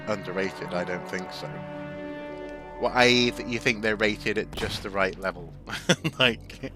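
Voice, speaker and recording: A man streaming a video game, chatting in a rambling, self-correcting way as he plays. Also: sits low. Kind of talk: gameplay commentary and chat. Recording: steady background noise.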